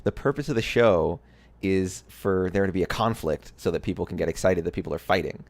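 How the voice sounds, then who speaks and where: A woman's voice: rumbling low, fairly quick, a little mellow. A woman hosting a casual livestream chat, enthusiastic and laughing often. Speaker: league host.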